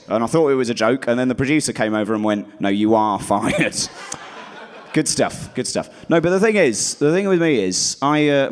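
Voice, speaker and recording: A man doing a stand-up routine on stage, rambling and self-deprecating, often dropping into low muttered asides. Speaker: stand-up comedian.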